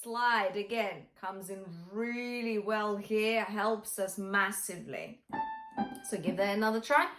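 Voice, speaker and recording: A woman's voice: mid-range voice, steady tone, slow pace, music in the background. A young adult woman vocal coach giving a singing lesson, encouraging and breaking into sung examples. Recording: roomy echo.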